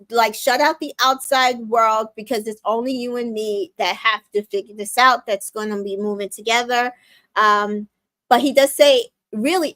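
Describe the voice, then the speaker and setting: A woman's voice: fairly high pitch, fairly bright tone, dry recording. A young adult woman casually recapping a reality show, retelling scenes with quoted lines, many fillers and small laughs. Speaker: recap host.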